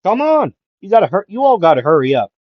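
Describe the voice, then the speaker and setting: A man voicing a brash, battered teenage boy hero who talks loud and cocky, in a storytelling fan what-if. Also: mid-range voice, unhurried, gravelly, dry recording, highs cut off. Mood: urgent.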